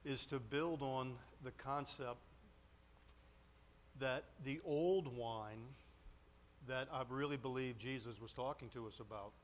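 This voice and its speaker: A man's voice: mid-range voice, slow pace, pauses often, slight background noise. Rambling preacher man at the pulpit. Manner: rambling storyteller, many fillers and restarts. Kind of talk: sermon with anecdote. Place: church sanctuary at a pulpit.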